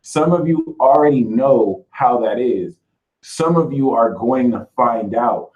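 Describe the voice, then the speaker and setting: A man hosts his own channel as a spiritual reader, giving a chatty, casual spiritual talk and addressing viewers directly as "y'all." His medium-pitched voice is slow, lively in intonation, and darkish, with the highs cut off.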